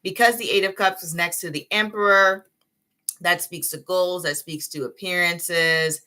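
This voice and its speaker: Low-pitched, bright-voiced young woman chatting. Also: fairly even intonation, measured pace. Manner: chatty, addresses viewers directly, laughs often. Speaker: tarot reader hosting a live stream. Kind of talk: casual live-stream chat.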